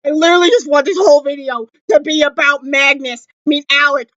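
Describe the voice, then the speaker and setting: A woman reviewing a TV episode in a loud, shrieking, overexcited way. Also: high-pitched, fairly quick, no echo, dull audio. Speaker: TV reaction vlogger. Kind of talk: excited reaction review.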